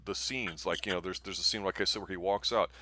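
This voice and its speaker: A man's voice: low-pitched, quick pace, sharp tone. A man co-hosting a casual movie review show, talking in a rambling, enthusiastic way with lots of fillers.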